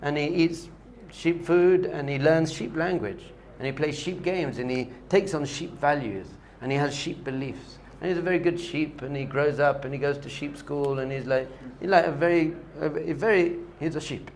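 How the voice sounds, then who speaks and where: Animated rabbi teaching a lesson. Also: male voice, a little high, normal speed, few pauses, a little hiss or hum. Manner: animated, repetitive emphasis. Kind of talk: Torah lesson with storytelling.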